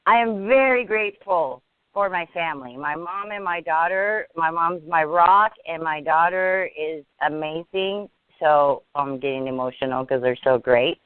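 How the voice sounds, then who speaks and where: A woman's voice: deep voice, smooth, no room sound. Earnest woman guest on a phone line. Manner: earnest, halting, with frequent restarts. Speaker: interview guest. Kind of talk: casual interview chat. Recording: tinny dry phone line.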